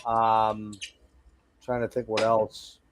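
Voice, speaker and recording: A man's voice: fairly low pitch, completely flat delivery, slow pace, noisy background. A man hosting a casual conversational interview about music, talking loosely and rambling, with many fillers and restarts. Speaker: podcast host.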